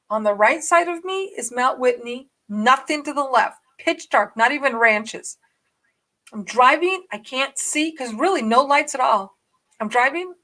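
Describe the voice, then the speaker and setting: Excitable rambling woman vlogger. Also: high voice. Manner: rambling, excitable, swings between hushed and loud. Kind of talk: casual storytelling to camera.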